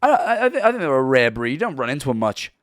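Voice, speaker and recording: A man's voice: mid-range voice, sing-song, quick pace, no room sound, clean studio sound. A man in his twenties streaming from home, casually chatting and reading viewer messages in a rambling, stumbling way.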